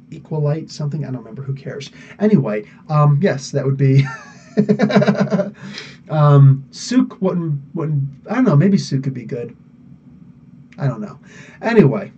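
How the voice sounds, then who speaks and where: A man's voice: fairly high pitch, a little mellow, breathy edge, distant mic, muffled recording. A man hosting a live podcast, chatting loosely, laughing often and using many fillers. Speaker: podcast host answering live chat. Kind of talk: casual live-stream chat.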